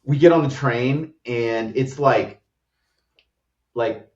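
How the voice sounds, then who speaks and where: A man's voice: medium pitch, slow. An American man who co-founded a startup, telling a travel story as a guest in a loose, rambling way full of "like" fillers. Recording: roomy, distant, dull-sounding audio.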